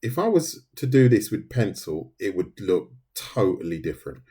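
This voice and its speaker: A man's voice: fairly low pitch, big pitch swings, normal speed, warm tone, breathy edge. A middle-aged man, chatting casually with viewers on a livestream while he draws. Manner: chatty, talks to viewers, says "mate" often. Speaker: livestreaming artist.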